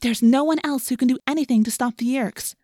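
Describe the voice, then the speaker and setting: A woman voicing a bold, fiery teenage girl who speaks forcefully and indignantly. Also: high-pitched, a little fast, no room sound, clean studio sound, voice pushed up.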